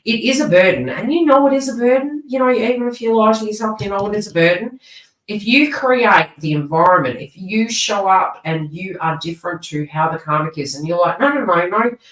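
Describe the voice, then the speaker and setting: A woman's voice: mid-range voice, fairly quick, recorded from a distance. A woman giving a live-streamed tarot reading, chatty and rambling, with frequent asides and restarts. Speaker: tarot reader. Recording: roomy sound, voice away from the mic.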